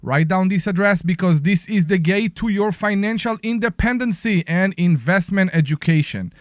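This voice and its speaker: A man's voice: sits high, normal speed, no echo. A man with an Israeli accent hosting a casual radio talk show from a studio, joking and poking fun at himself. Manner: joking, self-mocking.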